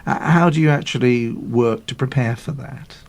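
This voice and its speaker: A man in his sixties, a radio presenter, asking a young guest encouraging, gently teasing questions. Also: medium pitch, normal speed. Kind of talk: radio interview.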